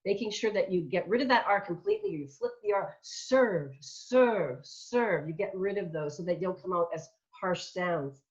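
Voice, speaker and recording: A woman's voice: fairly low pitch, a little fast, few pauses. A middle-aged woman giving a vocal masterclass, chatty and demonstrative, who sounds out example words as she explains. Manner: chatty, warm teaching asides. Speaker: vocal coach. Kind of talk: online masterclass teaching. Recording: dull lo-fi online audio.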